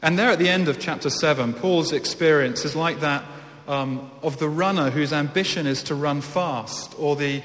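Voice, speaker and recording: A man's voice: on the high side, moderate pace, fairly bright tone. A man preaching an earnest, emphatic sermon. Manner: earnest, emphatic with repeated words. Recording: echoey hall.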